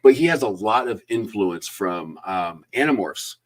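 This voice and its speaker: A man's voice: lowish voice, lively intonation, measured pace. A male host of a livestream interview, talking enthusiastically in a rambling way with lots of fillers, over a video call. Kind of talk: casual livestream interview chat.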